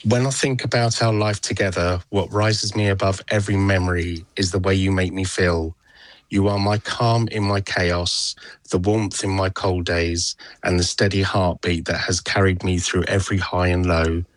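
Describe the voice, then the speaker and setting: A man calmly reading out a tender love letter he wrote to his husband. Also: low-pitched, no room sound. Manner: calm, measured, tender.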